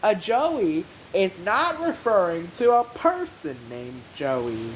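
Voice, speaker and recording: A woman's voice: medium pitch, sing-song, slow, a little hiss or hum, low-quality recording. A woman hosting a casual explainer vlog in a rambling, meandering way. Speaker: vlog host.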